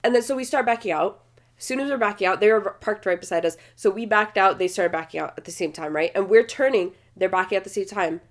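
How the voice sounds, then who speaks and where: A woman's voice: mid-range voice, quick pace. A woman in her twenties co-hosting a podcast, telling a story in a heated way, swearing often and talking over her sister. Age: 20s. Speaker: podcast co-host. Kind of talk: casual storytelling chat.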